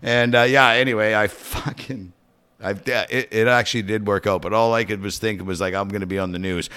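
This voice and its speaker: Bright-voiced, profane middle-aged storyteller man. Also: on the low side, fairly quick, clear, resonant tone. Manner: profane, animated, swings from hushed to shouting. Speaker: podcast host. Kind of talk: casual storytelling.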